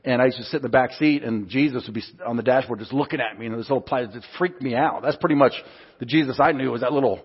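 Male pastor, storytelling sermon, husky tone, muffled hall recording. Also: medium pitch, fast talker. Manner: storytelling with acted-out quotes. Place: church hall. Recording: muffled sound in a reverberant hall.

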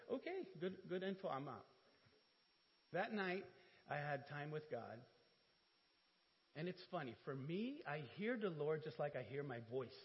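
A man preaching in a church and telling a personal story, animated and humorous, acting out conversations. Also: on the high side. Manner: animated, acts out dialogue with humor. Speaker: pastor. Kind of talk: sermon storytelling. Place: church sanctuary. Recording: dull, reverberant church audio.

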